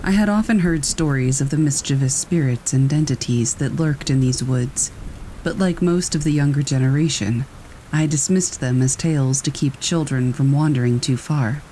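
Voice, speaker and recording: A man calmly reading a scripted scary story aloud. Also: medium pitch, normal speed, a little hiss or hum, rough recording. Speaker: story narrator. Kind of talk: scripted horror story narration.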